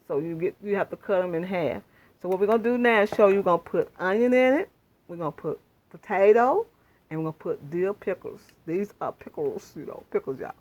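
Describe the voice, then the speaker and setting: A woman's voice: mid-range voice, slight background noise. A woman hosting a home cooking demonstration in her kitchen, chatting homely with viewers. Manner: homey, chatty, addresses viewers as y'all. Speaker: cooking channel host.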